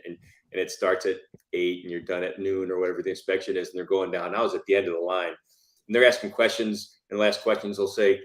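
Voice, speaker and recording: Low, rambling man in an echoey room. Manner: hesitant, rambling storyteller with fillers. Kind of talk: casual chat.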